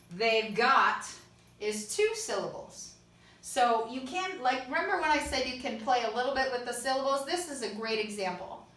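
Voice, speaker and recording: This woman music teacher has a slightly high, bright voice with a forceful tone. Teaching songwriting online, she explains things step by step and sings short lines to check them, recorded a bit far from the mic in an echoey room.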